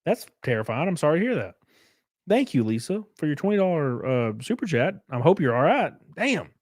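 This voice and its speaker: A man's voice: a little high, sing-song, a little fast, dry recording, studio quality. A young man chatting casually on a live stream, thanking viewers for donations in a loose, rambling way. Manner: loose, chatty, mumbles and hums while reading.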